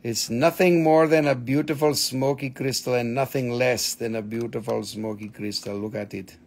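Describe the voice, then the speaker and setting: A man hosting a live crystal sale on his phone, excitable and chatty, swearing casually and laughing often. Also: medium pitch, normal speed, slight background noise. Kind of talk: live-stream sales chat.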